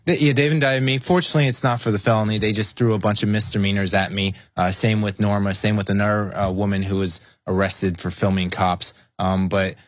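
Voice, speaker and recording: A man's voice: fairly low pitch, level tone, fairly quick, hardly any pauses, no echo. A man appearing as a guest on a radio show, speaking in an earnest, indignant way. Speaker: guest activist. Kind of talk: talk radio interview.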